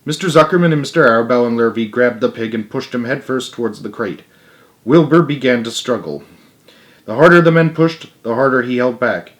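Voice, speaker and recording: Man storyteller, relaxed children's-book read-aloud. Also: mid-range voice, brisk. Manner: relaxed, with asides.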